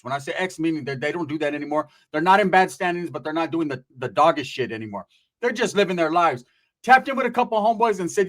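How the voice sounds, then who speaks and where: High-voiced man telling a slangy story. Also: fast. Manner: slangy and profane, lively. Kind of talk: comic street storytelling.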